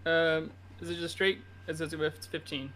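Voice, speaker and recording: A man playing a tabletop game, speaking quietly and rambling through his character's move. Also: on the high side, flat delivery, moderate pace. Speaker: player. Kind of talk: casual tabletop game chat.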